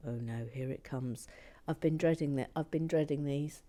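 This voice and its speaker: A woman's voice: low voice, moderate pace, few pauses, dark tone, a little hiss or hum. A woman hosting a Lego build vlog, chatting casually and muttering or whispering to herself as she concentrates.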